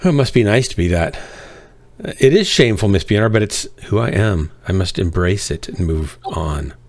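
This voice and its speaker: Low-voiced man streaming a game. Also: lively intonation, normal speed, a little mellow. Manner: rambling, self-deprecating, chats with viewers. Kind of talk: casual live-stream chat while gaming.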